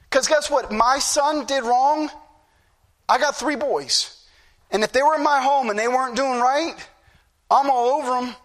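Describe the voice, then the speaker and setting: A man's voice: very high-pitched, fairly bright tone. A middle-aged man preaching a fervent sermon, repeating phrases for emphasis.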